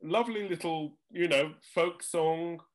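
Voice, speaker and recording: Speaking at a measured pace in a fairly high voice, an older jingle composer trades studio anecdotes on a chatty talk show. He plays out other people's lines with a dry sense of comic timing.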